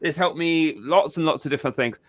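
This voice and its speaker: A man hosting a casual podcast, his voice sitting a little high for a man. He talks loosely, swears without a second thought and doubles back on his own words as he goes. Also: fairly quick. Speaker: podcast host.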